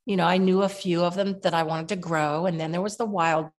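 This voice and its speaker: A woman's voice: on the low side, steady tone, fairly quick. Older lady herbalist telling long stories, lots of restarts, easygoing. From Kentucky. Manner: rambling, warm storyteller with many restarts. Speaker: guest herbalist. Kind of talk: relaxed storytelling interview.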